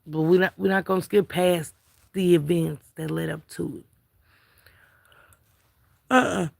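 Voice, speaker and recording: Slow, gravelly-voiced tired woman streamer. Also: fairly low pitch, fairly even intonation, a little mellow. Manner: chatty, greets viewers in chat. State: tired, yawning. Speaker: livestream commentator. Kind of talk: casual live-stream gossip commentary.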